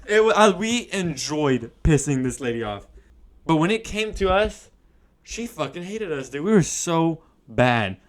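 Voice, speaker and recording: A young man co-hosting a podcast, telling a school story in a casual, animated way, laughing and swearing often. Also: a little high, measured pace. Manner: animated, laughing, swears a lot, says "bro". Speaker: podcast co-host.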